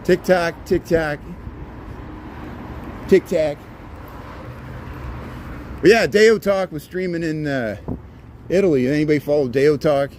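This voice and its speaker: A middle-aged man with a slightly raised voice talks his way down a city street, rambling from sight to sight and chatting with passersby. Traffic and street noise run loudly under the whole recording. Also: a little high, slow, long pauses. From Indiana. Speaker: walking livestream vlogger. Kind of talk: casual running commentary while walking. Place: city street outdoors at dusk.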